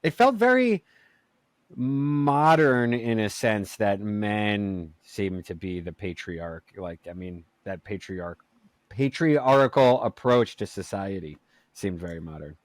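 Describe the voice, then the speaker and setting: A man's voice: on the low side, animated, slow pace, dry recording. A man co-hosting a podcast in casual chat, joking about himself and laughing often. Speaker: podcast co-host.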